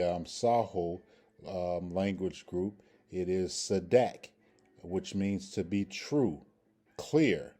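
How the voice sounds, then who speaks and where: A man's voice: low voice, mellow. A man teaching a Hebrew grammar lesson, walking through roots and pronunciations and often checking in with "okay" and "all right". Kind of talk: screen-share grammar lesson.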